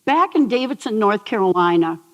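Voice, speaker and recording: An older woman, a behavioral psychologist, telling stories on stage and asking the audience questions in a lively talk. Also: medium pitch, brisk, in a large hall, lo-fi sound. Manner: animated storyteller, asks the audience questions. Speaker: speaker. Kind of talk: TEDx talk. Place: large hall on stage.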